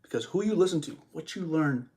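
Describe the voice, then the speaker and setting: A man's voice: on the high side, expressive, fairly quick, darkish tone. A young man hosting a podcast while live streaming, rambling in a casual motivational monologue, repeating phrases and chatting to his viewers on a studio microphone.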